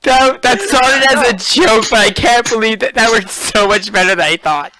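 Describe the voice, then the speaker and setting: A man playing a tabletop game, his voice high and bright. He jokes, laughs and swears casually over an online call. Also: moderate pace, a little hiss or hum. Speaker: player.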